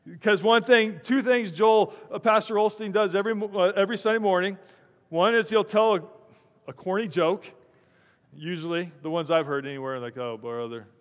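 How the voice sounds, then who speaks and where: High-voiced man preaching in a reverberant church. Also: normal speed, fairly bright tone. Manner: conversational, chuckling asides. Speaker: pastor. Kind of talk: sermon. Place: church sanctuary.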